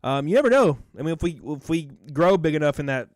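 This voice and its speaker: A man's voice: fairly high pitch, expressive, quick pace, a little mellow, dry recording. A man live-streaming in a casual, rambling way, joking, swearing freely and thanking his viewers by name.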